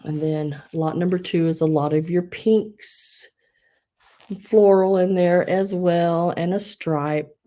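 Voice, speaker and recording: Low-voiced woman hosting a live sale. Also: fairly even intonation, slow, warm tone. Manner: rambling, many fillers and restarts. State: wheezing. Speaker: live online sale host. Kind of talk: casual live sales chat.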